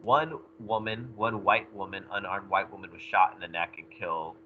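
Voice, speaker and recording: A male history teacher giving a recorded lecture, animated and jokey, talking straight to his students. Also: low-pitched, normal speed, phone-quality sound, slight background noise.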